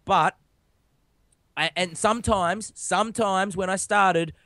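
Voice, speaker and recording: An Australian man co-hosting a podcast, laid-back and jokey with slang and swearing, his voice a little rough from being sick. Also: high-pitched, slow, pushed and bright, no room sound. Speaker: podcast co-host. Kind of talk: casual podcast chat.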